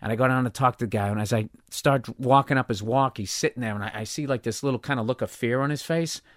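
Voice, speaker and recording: A man, a comedian guest, telling stories in casual chat with lots of swearing and animated energy. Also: mid-range voice, fast talker, dry recording, clean studio sound. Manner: profane, animated storytelling.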